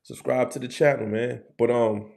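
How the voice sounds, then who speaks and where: A man's voice: mid-range voice, fairly even intonation, normal speed, creaky, a little mellow. A man from the Bronx with a New York accent, chatting casually with viewers on his livestream, repeating phrases and talking in street slang. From New York City, the Bronx. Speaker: livestream host.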